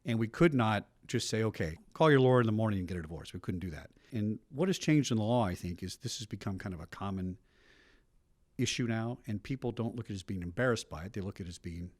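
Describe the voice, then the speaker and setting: Brief: middle-aged ex-cop, brisk storyteller, quick delivery, lowish voice. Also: male voice, expressive, a little mellow, no room sound. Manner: brisk storytelling with frequent asides. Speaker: retired police officer. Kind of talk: documentary interview.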